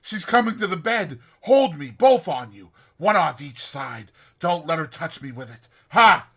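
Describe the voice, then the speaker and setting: A man's voice: on the high side, expressive, normal speed, creaky, pushed and bright, exaggerated voice. A man voicing a terrified, raving dying man who sees a ghost, crying out in frantic pleas. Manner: frantic, pleading cries.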